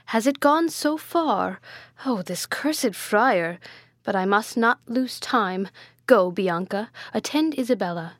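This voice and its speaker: A woman's voice: medium pitch, animated, takes it slowly, no echo, studio quality. A woman voicing a jealous, tyrannical male prince in an audiobook, stern and commanding. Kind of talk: audiobook character voice.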